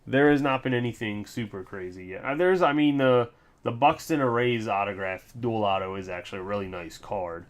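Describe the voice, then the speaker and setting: A man hosting a card break on a livestream, talking casually. He runs through names one after another in quick lists. Between them he drifts into sarcastic, ranting asides. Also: lowish voice.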